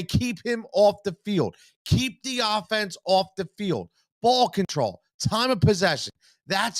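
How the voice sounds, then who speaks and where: A man's voice: sits high, no echo. A man hosting a live postgame sports reaction stream, fired-up and blunt, swearing freely and repeating his points. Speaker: sports talk host.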